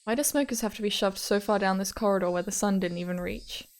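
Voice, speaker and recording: A woman's voice: mid-range voice, fast. A woman streamer reading a visual novel aloud, breaking off into giggly casual asides and playful repetitions of words.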